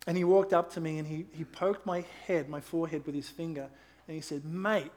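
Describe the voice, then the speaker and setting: A man's voice: a little high, fairly even intonation, brisk, dark tone. A middle-aged man, preaching a sermon through personal stories, earnest and conversational with emphatic rises. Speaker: pastor.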